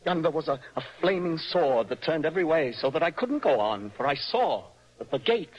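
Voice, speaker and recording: An actor playing a nervous, passionate young poet in an old-style radio drama, with a breathy, lyrical, theatrical delivery. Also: male voice, on the high side, lively intonation, brisk, rough recording. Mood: bitter. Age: young adult. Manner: swings between dreamy and impassioned outbursts. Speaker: romantic rival.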